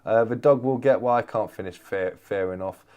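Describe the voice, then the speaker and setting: A man's voice: lowish voice, normal speed, smooth, narrow, tinny audio. A man hosting a casual live chat, answering viewers and repeating his phrases with plenty of "mate.". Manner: chatty, repeats phrases, calls everyone mate. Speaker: livestream host.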